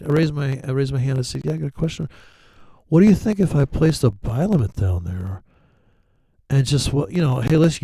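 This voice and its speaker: A man's voice: medium pitch, gravelly, warm tone, no room sound, rough recording. A middle-aged man telling rambling stories in casual talk, swearing freely, laughing often and acting out other people's lines. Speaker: forex trader telling stories. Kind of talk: casual storytelling.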